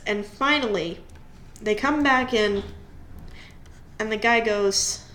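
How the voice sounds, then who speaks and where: A woman's voice: mid-range voice, steady tone, slow, pauses often, fairly bright tone. A woman hosting a casual storytime while coloring, chatty and rambling, often correcting herself mid-sentence. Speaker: channel host. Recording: roomy echo with faint hiss.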